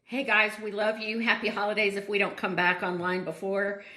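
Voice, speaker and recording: A woman's voice: medium pitch, steady tone, a little fast, pushed and bright, reverberant. A woman from Alabama, hosting a casual conversation over a video call in an upbeat, encouraging way. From Alabama, USA. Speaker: podcast host.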